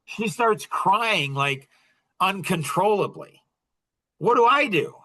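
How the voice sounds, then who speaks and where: An older man in his sixties hosts a podcast and tells a story from his own life. His tone is bright and his pitch sits a little high. He laughs and acts out the lines of dialogue with bursts of excitement. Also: slow pace. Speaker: podcast host. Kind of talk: personal storytelling.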